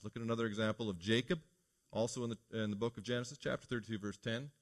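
A man's voice: on the low side, steady tone, fast talker. Earnest male pastor preaching a sermon. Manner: earnest, preacherly, rhetorical questions to the congregation.

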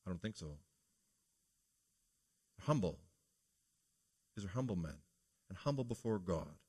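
A man's voice: low-pitched, lively intonation, a little slow, a little mellow, slightly rough. Earnest male pastor preaching a sermon. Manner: earnest, preacherly, rhetorical questions to the congregation.

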